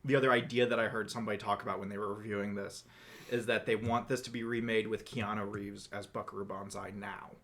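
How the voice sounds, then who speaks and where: A man co-hosting a casual film review podcast, talking excitedly and laughing often. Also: lowish voice, quick pace. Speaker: podcast co-host. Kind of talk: casual chat.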